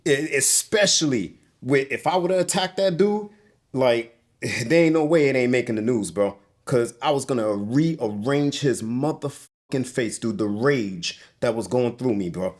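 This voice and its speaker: A man's voice: mid-range voice, lively intonation, a little slow. Agitated young man, swearing. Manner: agitated, profane, repeats "bro". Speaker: interview guest. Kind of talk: emotional storytelling. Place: indoors on a couch.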